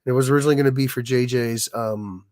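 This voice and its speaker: Sick guy w a raspy hoarse voice, halting stream chat, dry close sound. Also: medium pitch, steady tone, a little mellow, no room sound. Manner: halting, many restarts and fillers. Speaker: livestream host, illustrator. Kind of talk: casual livestream chat.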